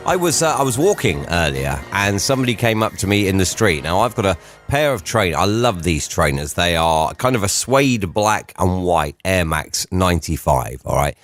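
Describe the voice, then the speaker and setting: A man hosting a drivetime radio show, talking in a very low, deep voice. He muses and rambles in casual chat, adding asides as he goes. Music plays clearly behind him in the studio. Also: very animated, moderate pace, fairly bright tone, no room sound. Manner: rambling, musing, conversational asides. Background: music playing.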